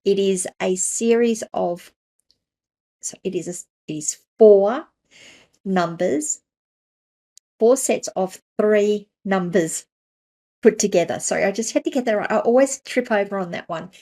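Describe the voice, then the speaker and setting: A woman's voice: mid-range voice, measured pace, long pauses, mellow. A woman hosting a solo podcast, explaining technical terms in a conversational way with everyday analogies. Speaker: podcast host.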